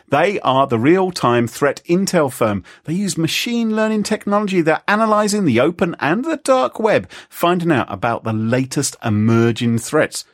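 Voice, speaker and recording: A man hosting a podcast, telling a story in lively, chatty casual talk with asides. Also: fairly high pitch, normal speed, hardly any pauses. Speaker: podcast host. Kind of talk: casual chat.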